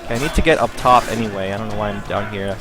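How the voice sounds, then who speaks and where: A man's voice: on the low side, very fast. An American man streaming a game, chatting casually and answering chat while he plays. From United States. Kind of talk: casual gameplay commentary. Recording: game music playing behind. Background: game music.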